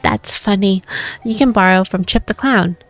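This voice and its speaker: A woman's voice: medium pitch, normal speed, soft background music, close to an everyday voice. A woman voicing a small fearless circus girl of about twelve, cheeky and teasing.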